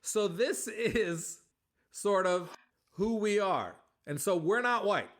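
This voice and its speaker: A comedian man answering interview questions with animated, joking stories, acting out bits of dialogue. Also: high-pitched, slow pace. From United States. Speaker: comedian guest.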